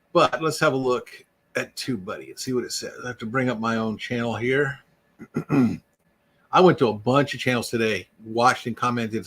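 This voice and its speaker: Mid-range and fairly bright, this man's voice carries an unscripted YouTube livestream. He chats casually, rambling and joking and greeting viewers by name.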